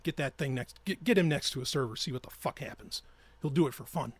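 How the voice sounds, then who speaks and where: A man's voice: mid-range voice, fast talker, breathy edge. A man hosting his own podcast, ranting in a heated, profane and sarcastic way. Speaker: podcast host. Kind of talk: ranting solo podcast talk.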